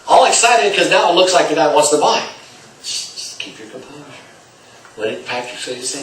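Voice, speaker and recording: A man's voice: fairly high pitch, lively intonation, normal speed, noisy background. A man teaching salespeople through a story, acting out the dialogue with swings in volume. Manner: acts out dialogue with shifting volume. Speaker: sales trainer. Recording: roomy, distant mic, faint ambience.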